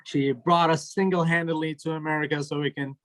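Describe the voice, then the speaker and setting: A man's voice: a little high, fairly quick. Young man telling a stand-up story. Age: young adult. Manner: storytelling, deadpan, trailing into laughter. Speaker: stand-up comedian. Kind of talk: stand-up comedy set over video call. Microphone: video call.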